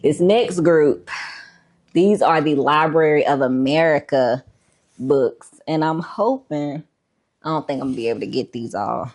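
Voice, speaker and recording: Showing off her book collection in a casual vlog, a woman speaks in a low, darkish voice at a measured pace. She's relaxed and talkative, with many fillers, some "y'all"s, and a bit of breathlessness.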